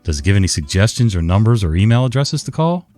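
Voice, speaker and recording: A tired help-desk worker stays politely on script, his lowish voice rising and falling with a lively lilt, as a man reads him. Faint guitar sits under a dry, close sound. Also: fast, dry recording. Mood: weary polite. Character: patient, weary male help-desk worker.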